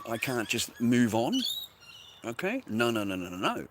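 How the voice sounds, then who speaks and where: A man's voice: medium pitch, big pitch swings, moderate pace. A middle-aged Australian man rambling in a casual, profane monologue to camera outdoors by the water. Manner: profane, rambling, slangy, repeats himself. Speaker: vlogger.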